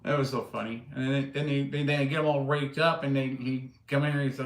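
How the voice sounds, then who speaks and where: A man hosting a casual live stream, rambling along with plenty of fillers and restarts. His voice sits at an ordinary middle pitch. The sound carries a noticeable roomy echo. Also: fairly even intonation, fairly quick, few pauses. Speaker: livestream host and drone builder.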